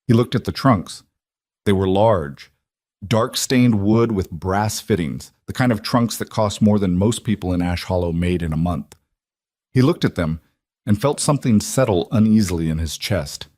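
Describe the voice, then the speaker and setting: Low-voiced male storyteller, dry sound. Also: moderate pace, a little mellow, dry recording. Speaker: narrator. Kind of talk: scripted story narration.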